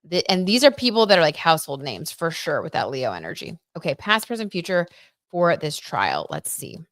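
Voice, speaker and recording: A woman hosting a live tarot reading stream, talking casually and excitedly, gasping and reading viewer comments aloud. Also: deep voice, a little fast, no echo, clean studio sound. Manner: chatty and excitable, reads viewer comments aloud, gasps and many "like"s.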